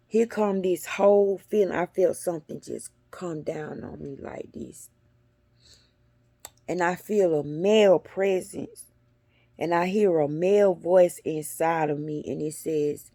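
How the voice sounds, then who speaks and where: A middle-aged woman telling a spiritual story to her viewers in a blunt, animated way, cussing freely and sometimes dropping into a whisper. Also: fairly low pitch, gravelly, no room sound. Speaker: spiritual vlogger.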